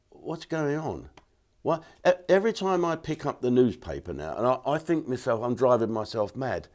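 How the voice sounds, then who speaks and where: Older comedian ranting blunt at the camera, voice swings up and down a lot. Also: male voice, medium pitch. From England. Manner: blunt, ranting, mimics others in quoted voices. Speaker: comedian host. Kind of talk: opinionated monologue to camera.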